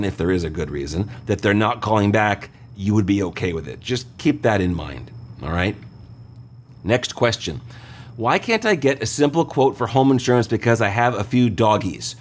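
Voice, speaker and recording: Low-voiced man explaining insurance questions. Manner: conversational, explanatory, checks in with tag questions. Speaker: insurance show host. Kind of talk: answering listener questions on air.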